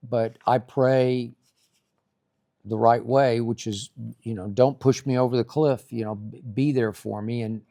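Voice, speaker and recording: An older man co-hosting a casual chat, dry and teasing, slowing down when he talks about faith. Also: medium pitch, fairly even intonation, mellow. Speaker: co-host.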